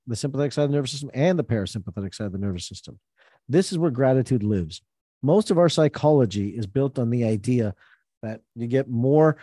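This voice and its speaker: A man gives a motivational talk, his pitch swinging widely as he presses his points. His voice is warm and mellow, and the recording is close and dry. He hammers key phrases home by saying them again and again. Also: no echo. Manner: emphatic, repeats key phrases. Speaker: host. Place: call with listeners.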